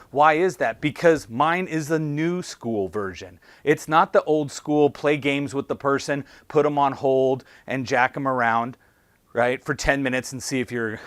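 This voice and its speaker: A man's voice: mid-range voice, no room sound. A man giving a sales training talk, asking punchy rhetorical questions and acting out callers and salespeople. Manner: animated, acts out callers and salespeople.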